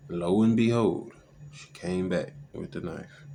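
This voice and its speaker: Gravelly low-voiced man telling a story. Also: warm tone, a little hiss or hum. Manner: slangy and halting, with many fillers and restarts. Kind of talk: casual personal storytelling.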